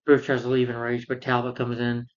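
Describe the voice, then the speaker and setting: A man's voice: medium pitch, monotone, fast, dull audio. A man casually recapping a film in a rambling rant, full of fillers and sarcastic asides. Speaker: film reviewer.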